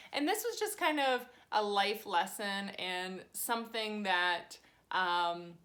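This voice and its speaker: A woman in her thirties, a teacher, telling a personal story in a chatty, animated way and acting out the voices of the people in it, at a cozy home. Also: mid-range voice.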